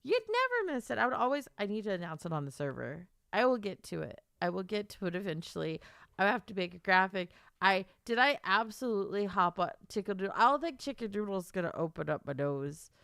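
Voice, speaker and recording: A woman's voice: medium pitch, sing-song, brisk, vocal fry, a bit bright, smooth, dry recording, studio quality. A young woman streaming casually to her chat, teary and stuffed up, laughing through her tears and swearing.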